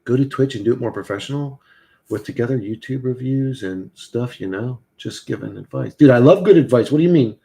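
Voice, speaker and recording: A man's voice: medium pitch, fairly quick, creaky, mellow. A man live streaming in a casual, rambling, profane way, reading and answering his chat.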